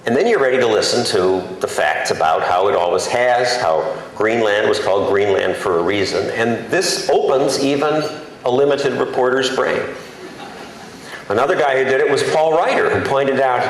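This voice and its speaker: This male journalist addresses an audience in a large conference hall, speaking emphatically and plainly with a self-deprecating streak. His mid-range voice is animated and moves at a normal speed. The hall is very echoey, with faint background noise.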